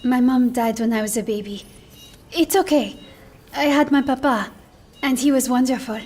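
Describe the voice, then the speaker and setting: A woman playing a gentle young woman. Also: fairly high pitch, normal speed, close to an everyday voice. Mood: earnest. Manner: earnest and gentle. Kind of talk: game cinematic voice acting.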